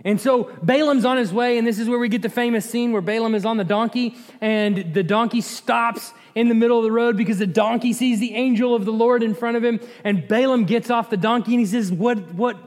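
A man with a bright voice teaches Scripture in a loose, conversational way, tossing questions to his listeners. The sound carries a long, reverberant hall echo. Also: very high voice, fairly even intonation, fairly quick, few pauses. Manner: conversational, quizzes the audience, chuckles. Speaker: Bible teacher. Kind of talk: informal Bible teaching.

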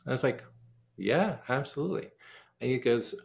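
Man with a gravelly voice telling a lively story. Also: medium pitch, a little fast. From United States. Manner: animated storyteller acting out quoted dialogue. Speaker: pianist and composer, guest. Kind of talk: casual interview storytelling.

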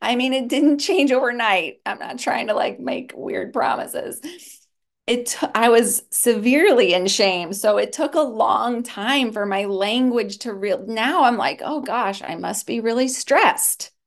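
A woman's voice: on the high side, measured pace. Earnest woman, therapist guest. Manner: earnest and reflective, with soft laughs. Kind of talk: candid podcast conversation.

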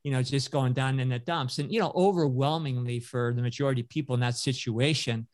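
A man's voice: medium pitch, a little fast. A man, older, telling a story in a casual talk, rambling with many fillers and restarts.

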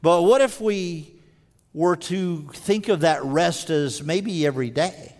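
A man preaching a sermon in earnest, stumbling over restarts and dropping to a slow, quiet voice for emphasis. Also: on the high side. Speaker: pastor. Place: church sanctuary. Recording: long hall reverb.

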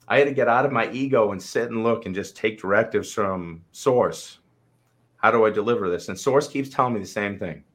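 A man's voice: lowish voice, fairly bright tone. A middle-aged man, a coach and co-host, candidly telling his story in a live conversation and acting out his own inner voice, with casual swearing.

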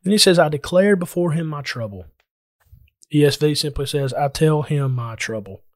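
Preacher, male, slightly higher voice, earnest and explanatory, talks straight to listeners, dry recording. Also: moderate pace, a little mellow, no echo. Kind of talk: sermon.

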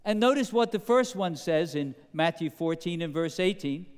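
A man preaching a sermon, posing questions to the congregation in an animated, emphatic way. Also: fairly high pitch, normal speed, clear, resonant tone, big-room sound. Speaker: pastor.

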